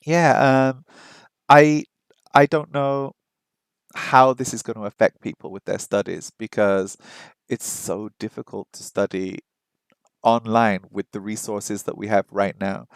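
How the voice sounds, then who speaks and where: A man's voice: mid-range voice, no echo, low-quality recording. A man hosting a casual live stream, rambling and chatting with viewers, with frequent ums and restarts. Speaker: live-stream host learning a language.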